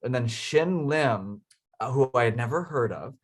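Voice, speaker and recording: A man's voice: medium pitch, expressive, normal speed. A man being interviewed about his inventions, telling stories enthusiastically, laughing often, with many ums and uhs. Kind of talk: casual storytelling.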